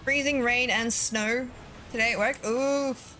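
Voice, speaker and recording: A woman's voice: on the high side, steady tone, takes it slowly, sharp tone, soft background music. A young woman streaming a game, chatting casually, giggling often and reading chat aloud.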